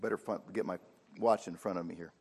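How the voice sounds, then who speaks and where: A man's voice: sits low, steady tone, fast, creaky, a little mellow, slightly rough. A man giving a sermon in a plain, conversational way, often saying "you know". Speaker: preacher. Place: room with an audience.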